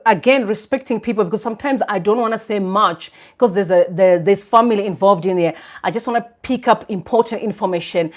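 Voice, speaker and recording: A woman from Zimbabwe, hosting a live stream and talking in an earnest, reflective way with soft laughs. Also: mid-range voice. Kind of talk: casual live-stream talk.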